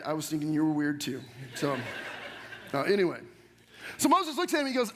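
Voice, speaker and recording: A man's voice: fairly high pitch, sing-song, fairly quick, pauses often, fairly bright tone, slight background noise. A middle-aged man preaching a sermon as pastor, talking conversationally with joking asides and rhetorical questions to the congregation. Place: church sanctuary. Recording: long reverb of a church hall.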